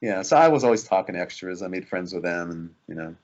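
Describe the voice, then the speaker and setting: A man's voice: deep voice, animated, fast talker, muffled recording. A male actor in a casual interview, telling behind-the-scenes stories animatedly, acting out quotes and laughing often.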